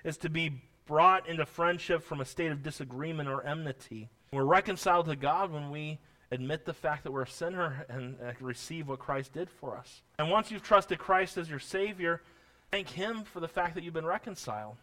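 High-voiced, bright-toned preacher man. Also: moderate pace. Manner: preaching with rising, forceful emphasis and quoting scripture. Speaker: pastor. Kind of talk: sermon.

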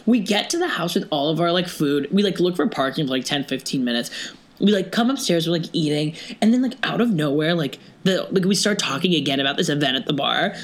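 A young woman telling a story casually, animated and quick, with many "like" fillers and some swearing. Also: sits low. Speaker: podcast storyteller.

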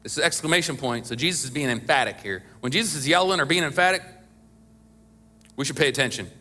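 A middle-aged male pastor preaching in a bright, forceful voice that sits a little high for a man. He talks to the congregation in a chatty, conversational way, then leans hard into emphatic lines. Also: fast talker. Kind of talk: sermon.

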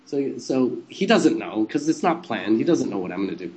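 A man's voice: medium pitch, big pitch swings, normal speed, a little mellow. A man, a former live TV presenter, casually telling an anecdote in a rambling way, laughing often and swearing freely. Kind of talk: casual storytelling chat.

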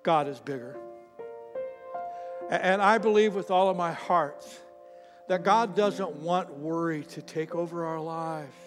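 A high-pitched man preaches to his congregation, spinning an illustration with animated emphasis that climbs into shouts. His voice rings through a reverberant sanctuary while faint music sits underneath. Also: a little slow, pauses often. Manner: animated storytelling, rising to shouts at climaxes. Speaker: pastor. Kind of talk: sermon.

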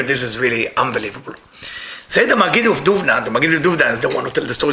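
Animated, high-pitched, bright-voiced man preaching. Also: a little hiss or hum. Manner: animated storyteller, chuckling, non-native English phrasing. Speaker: rabbi giving a talk. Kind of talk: sermon with storytelling.

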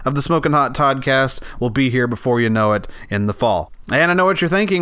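A man hosting a comedy podcast who chats casually and excitably, close on a studio mic. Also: medium pitch, fairly quick, hardly any pauses, smooth, no room sound. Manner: excitable, animated, laughing at his own material. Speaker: podcast host. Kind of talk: casual chat.

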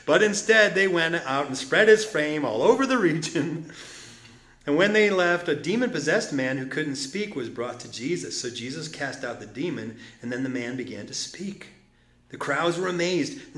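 A man preaching a sermon as pastor, moving between loud exclamations and quiet asides. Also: sits high, moderate pace. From Detroit. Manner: animated, swings from loud exclamations to soft asides. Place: church sanctuary. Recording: echoey room.

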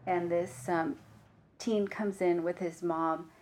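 A woman giving a dharma talk as a meditation teacher, reflective and unhurried, with frequent pauses and fillers. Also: fairly low pitch, steady tone, a little mellow.

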